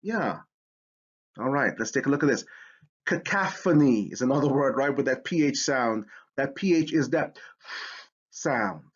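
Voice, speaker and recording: A man's voice: medium pitch, animated, normal speed, slightly rough, muffled recording. A man teaching a spelling lesson, explaining with enthusiasm. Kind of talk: educational lesson.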